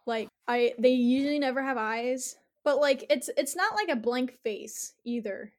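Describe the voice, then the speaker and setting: High-voiced giggly young woman. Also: moderate pace. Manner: giggly, animated storytelling with many fillers. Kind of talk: casual chat, retelling a dream.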